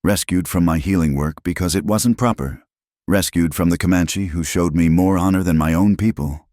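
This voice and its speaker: A man's voice: deep voice, normal speed, a little mellow, no room sound, clean studio sound, close to an everyday voice. A man voicing a proud, determined frontier woman who speaks firmly and defiantly in a storybook tale. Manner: firm, defiant.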